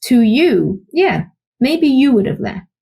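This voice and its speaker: Women mulher britânica, animada, contando histórias. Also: female voice, fairly high pitch, takes it slowly, gravelly, husky. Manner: animated storytelling, acts out quoted voices. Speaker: podcast co-host, psychologist. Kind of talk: casual podcast conversation.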